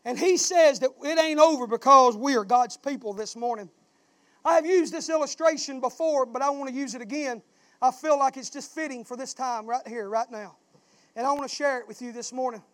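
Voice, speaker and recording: A male pastor preaching a sermon, rising from plain talk into impassioned shouting. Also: very high-pitched, fairly quick, dry recording. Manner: southern-style preaching, swells into shouting.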